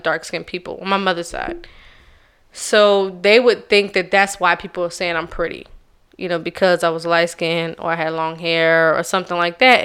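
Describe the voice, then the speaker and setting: A woman from Charleston, South Carolina, sharing a personal story on a podcast in a soft, reflective and carefully slow way. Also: on the low side, clear, resonant tone. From Charleston, South Carolina, USA. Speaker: podcast co-host.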